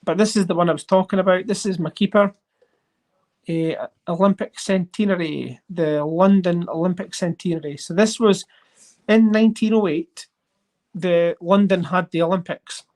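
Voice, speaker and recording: Coin collecting host, casual livestream chat, rambling, excitable. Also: medium pitch, normal speed. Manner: chatty and rambling, excitable over finds. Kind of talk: casual livestream chat while sorting coins.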